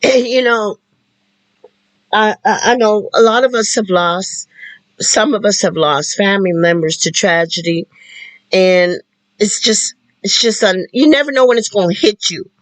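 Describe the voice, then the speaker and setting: A livestream host talking while in tears, halting and repeating phrases. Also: mid-range voice, fairly bright tone, no room sound, poor audio. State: tearful. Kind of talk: emotional spoken-word livestream talk.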